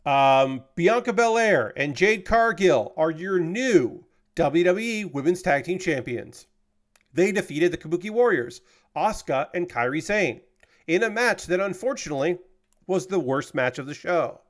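A young man with a slightly high voice talks casually while he works on a model kit. His speech rambles, full of fillers and offhand swearing. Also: lively intonation, a little slow. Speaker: streamer building a model kit while chatting. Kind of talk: casual chat.

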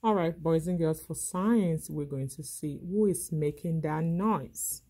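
Slow, low-voiced woman teacher. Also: dark tone. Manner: imitates animal sounds for the class. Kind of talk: slow explanation of a worksheet for young children.

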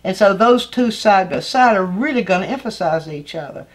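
An older woman teaches art in a patient, explanatory way. Her voice sits at a middle pitch, and she often restarts a phrase before finishing it. She keeps pointing out details as she goes. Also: animated, moderate pace. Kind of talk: art lesson explaining a painting.

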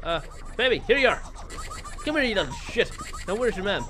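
A man giving excitable let's play commentary, swearing and playing up mock outrage. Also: high voice, moderate pace, music in the background. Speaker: gaming video creator.

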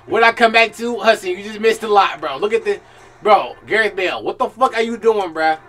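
A young man reacting to a video on a stream, talking casually with slang and swearing, loud and excitable. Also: high-pitched, fairly quick, soft background music.

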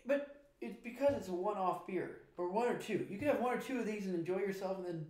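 A man's voice: sits high, fast talker, a little mellow, roomy sound. A Canadian man co-hosting a casual beer review, buzzed and swearing in laid-back banter. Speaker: podcast co-host.

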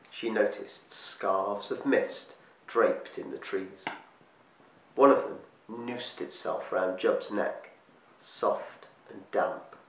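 A man reading a storybook aloud as storyteller, slowing and hushing his voice for eerie moments. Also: lowish voice. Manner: slows and hushes for eerie moments. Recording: echoey room, distant mic, faint hiss.

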